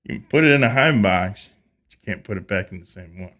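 A man with a somewhat low voice tells a story in a relaxed, conversational way. He slips into lively voices for quoted dialogue and often restarts or repeats words as he goes. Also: fast talker. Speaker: podcast guest, beekeeper.

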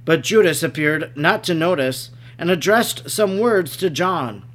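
With a measured, even delivery, a man reads a devotional religious text aloud as scripted narration, his voice notably high for a man.

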